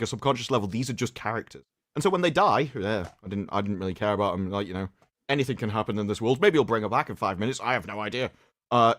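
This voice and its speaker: A man's voice: mid-range voice, a bit bright, dry recording. Rambling, laughing man on a dry mic. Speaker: co-host. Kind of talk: casual livestream chat.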